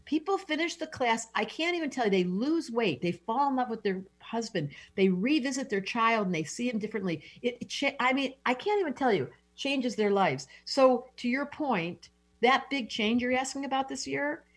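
A middle-aged woman, appearing as an astrologer guest, talks effusively and emotionally in an enthusiastic interview, often restarting her sentences. Her voice is on the high side with lively intonation, at a normal speed.

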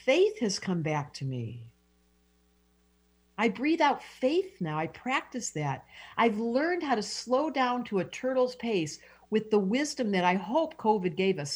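A woman's voice: medium pitch, slightly rough. A middle-aged woman, an astrologer guest, talking effusively and emotionally in an interview, often restarting her sentences. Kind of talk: enthusiastic interview talk.

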